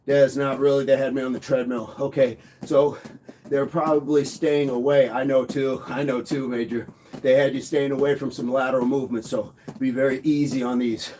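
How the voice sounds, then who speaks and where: Man at a medium pitch, hosting a live workout and greeting chat by name, with a faint hiss behind him. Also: level tone, moderate pace, darkish tone. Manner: counts reps aloud, greets viewers by name. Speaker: fitness livestream host.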